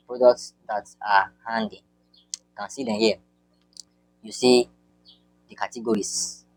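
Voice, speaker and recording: A man walking viewers through an online marketing tutorial on screen, talking in a halting way with repeated words and many fillers. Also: lowish voice, darkish tone, no room sound, rough recording.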